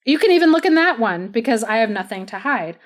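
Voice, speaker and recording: A woman voicing a calm, dismissive witch mother in a casual podcast retelling. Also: on the high side, quick pace. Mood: unbothered. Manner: dismissive, breezy retelling of her lines.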